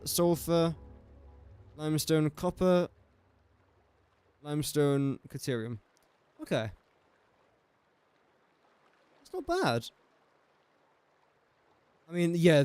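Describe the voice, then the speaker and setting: Chatting to viewers while he plays a building game, an English gaming streamer muses aloud in a casual way. He's young, with a fairly high, slightly mellow voice and a clean tone.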